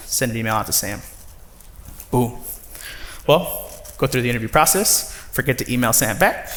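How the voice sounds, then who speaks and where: Man in his 30s, speaker at a live talk, lively storyteller, mid-pitched voice, long hall reverb. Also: moderate pace, pauses often, slight background noise. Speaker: nonprofit director giving a talk. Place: large former factory floor before an audience.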